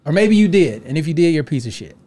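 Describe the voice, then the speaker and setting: A man, a comedian guest, telling a story in casual chat with profane, animated delivery and acted-out quotes. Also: on the high side, very fast.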